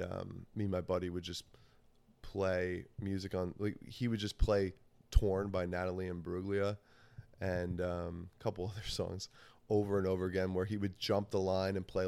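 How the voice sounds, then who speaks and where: Deep, gravelly man telling stories. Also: darkish tone, no room sound. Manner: rambling, profane, laughs often. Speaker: podcast host. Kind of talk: casual storytelling.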